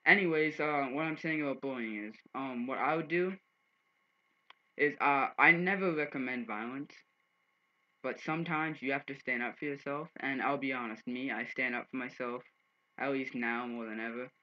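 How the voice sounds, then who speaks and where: A teenage boy rambles through a story to his webcam, loose and profane, full of fillers. His voice sits at an ordinary pitch for a young man. The audio is a little dull and lo-fi. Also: moderate pace. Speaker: vlogger. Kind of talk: casual storytelling vlog.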